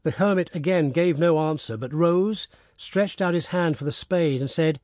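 A man narrating a storybook in a steady, measured reading. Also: fairly high pitch, dry recording, studio quality.

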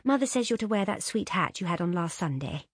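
A woman's voice: on the low side, lively intonation, fairly quick, slightly rough, no room sound, clean studio sound. A woman reading aloud and voicing an eager, effusive young upper-class girl. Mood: gushing.

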